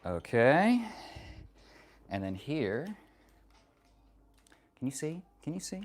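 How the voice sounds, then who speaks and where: Very deep-voiced woman, wry workout streamer. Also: big pitch swings, takes it slowly, a little mellow. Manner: wry, profane, teasing chat. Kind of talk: casual livestream chat while working out.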